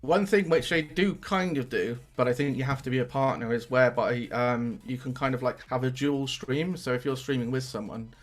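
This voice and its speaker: Laid-back streamer, casual chat. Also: male voice, medium pitch, moderate pace, hardly any pauses, faint music behind. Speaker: podcast guest, streamer.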